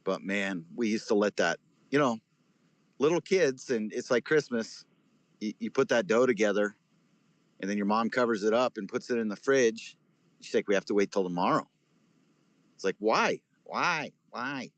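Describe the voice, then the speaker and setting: A man's voice: lowish voice, normal speed, no echo. A man chatting casually on a live audio space, joking and rambling through stories. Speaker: guest speaker.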